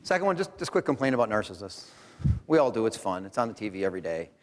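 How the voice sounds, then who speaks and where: This conference talk comes from a middle-aged Rochester, New York man who presents his research with jokes and lively, conversational lecturing. He speaks fast in a lowish voice, and the recording carries hall reverb.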